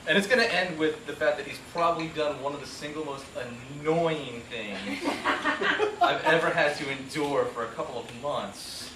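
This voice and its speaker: A man's voice: on the high side, big pitch swings, normal speed. A man starting a joking roast speech at a birthday party. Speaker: guest giving a roast speech. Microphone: distant camera. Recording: roomy, distant, noisy party recording.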